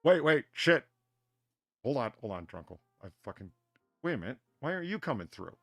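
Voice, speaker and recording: Excitable, profane man, gravelly and husky. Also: medium pitch, brisk, dry recording, studio quality, soft background music. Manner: profane, excitable, laughs a lot. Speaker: podcast host. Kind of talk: casual chat.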